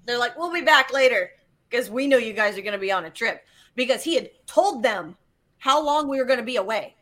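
Brief: woman guest, high bright voice, animated storyteller, salty language. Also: fairly quick. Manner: animated, swearing, acts out quotes. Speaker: guest geologist. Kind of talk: casual storytelling.

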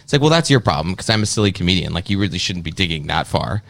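A man's voice: deep voice, very fast, gravelly. A man from Canada, a podcaster and comedian, telling a story in a rambling way in casual podcast talk. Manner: rambling, animated storytelling with mocking quoted voices. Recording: played clip from another podcast.

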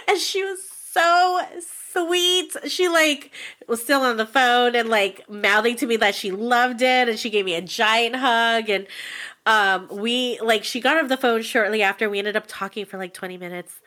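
A young woman co-hosting a podcast, telling an excitable story in casual chat, full of "like" and laughter. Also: a little high, normal speed. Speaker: podcast co-host.

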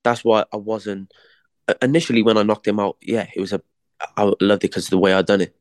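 A man's voice: lowish voice, steady tone, fast, dry recording, clean studio sound. A young man, a boxer, chatting casually in an interview, slangy and repeating words as he tells his story.

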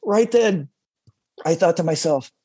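A middle-aged man telling a candid personal story as a guest in a conversation, halting and confessional, acting out the voices of people he quotes. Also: sits high, lively intonation, mellow, husky, no echo.

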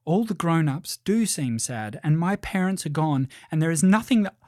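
A man pushes his voice up to play an earnest young princess, acting it lightly. His voice is a little high and slightly mellow, with lively intonation at a moderate pace, recorded dry in clean studio sound.

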